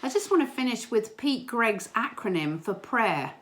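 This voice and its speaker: A woman giving an informal church talk, earnest and gentle, with small hesitations. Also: fairly high pitch, very animated, normal speed. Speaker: church member sharing a prayer message.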